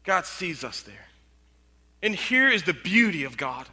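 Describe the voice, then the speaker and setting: A man preaching a sermon as pastor, earnest, slowing down and softening his voice to stress points. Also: sits high, sing-song, slightly rough. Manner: earnest, slows and softens for emphasis. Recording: long hall reverb.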